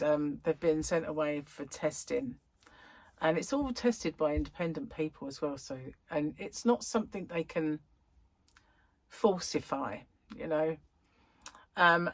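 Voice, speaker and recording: A middle-aged woman hosts a crochet vlog, rambling casually to the camera with plenty of ums and self-corrections. Her voice is low, and the recording is dry.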